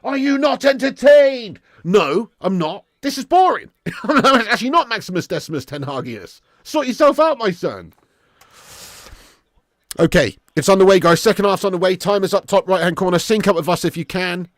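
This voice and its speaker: A man hosting a live football stream, talking loosely with his chat and dropping casual swears. His voice sits fairly high for a man and moves around a lot in pitch. The sound is close and dry, with no room echo. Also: sing-song, moderate pace, fairly bright tone. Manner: chatty, banters with viewers, swears casually. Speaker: football watch-along streamer.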